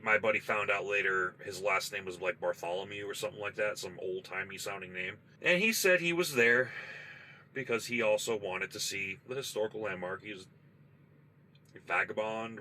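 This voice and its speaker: Trucker guy in his cab telling a creepy tale, kinda low but punchy, swears a lot, bit of hiss. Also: sharp tone, low-quality recording. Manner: loose, profane, conversational retelling. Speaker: trucker storyteller. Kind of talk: casual spoken storytelling. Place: parked truck at a truck stop.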